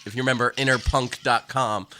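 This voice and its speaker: A man, a podcast guest telling old band stories in animated casual chat, laughing often. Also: medium pitch, brisk. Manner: animated storyteller, laughs a lot. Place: dining room.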